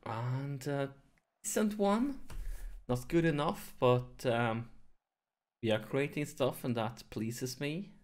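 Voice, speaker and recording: A man hosting a let's play, commentating his football management game, nervous and excited, keeping his voice down at home late in the evening. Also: medium pitch. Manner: excitable, nervous, talks to viewers; deliberately holds his voice down to avoid waking neighbors.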